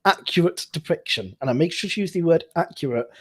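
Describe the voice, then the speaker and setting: A man's voice: a little high, animated, brisk, breathy edge. A man co-hosting a show, explaining the rules of a challenge in a rambling, chatty way with many fillers. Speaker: co-host. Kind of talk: casual chat.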